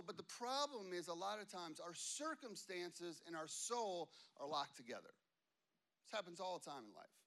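Man, pastor, humorous storytelling sermon, high voice, bright tone.

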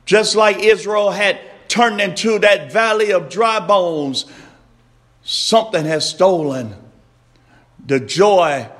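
A man preaching a sermon, slow and emphatic, repeating his refrains and rising to shouts. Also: sits high.

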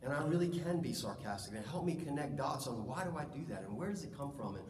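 A man preaching a sermon in a church, lively and conversational, acting out stories. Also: medium pitch, fast talker, background noise. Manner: lively, conversational, acts out anecdotes. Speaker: pastor. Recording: echoey hall, distant mic, faint ambience.

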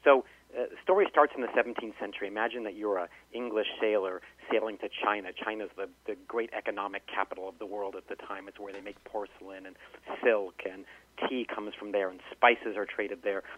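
A man's voice: on the low side, fairly even intonation, fairly quick. A man, an author and linguist, storytelling in a phone-in interview with many restarts. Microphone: telephone. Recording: tinny phone line.

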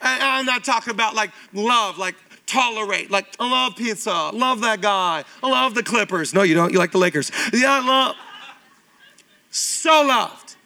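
A man in his thirties preaching a sermon as pastor, animated and conversational with lots of repetition. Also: sits high, normal speed, few pauses. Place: church auditorium.

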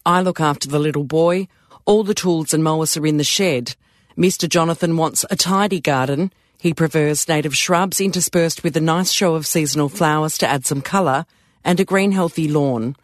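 A man's voice: on the high side, moderate pace, no echo, clean studio sound, close to an everyday voice. A man reading a firm, cautious nanny. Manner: firm, matter-of-fact.

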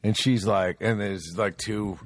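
A man's voice: fairly low pitch, steady tone, measured pace, no room sound, clean studio sound. A man hosting a crude, casual podcast chat, rambling through movie scenes with lots of swearing. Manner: rambling retelling of movie scenes, profane, laughing. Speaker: podcast host.

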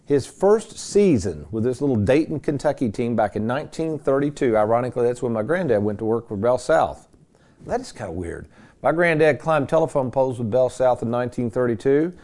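A chatty male radio host with a mellow, warm tone and a medium-pitched voice. He talks in a folksy, joking way that wanders a bit and fills the gaps with "uh". He sounds like he is settled at a studio mic. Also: expressive, brisk. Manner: folksy, joking, rambling with fillers. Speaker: radio host and retirement planner. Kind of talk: radio talk show chat. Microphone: studio microphone.

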